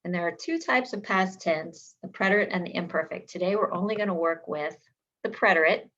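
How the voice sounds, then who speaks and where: A woman teaching a Spanish lesson, drilling verb endings slowly and clearly for learners to repeat. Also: lowish voice, fairly bright tone. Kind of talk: language lesson. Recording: slightly dull lo-fi sound.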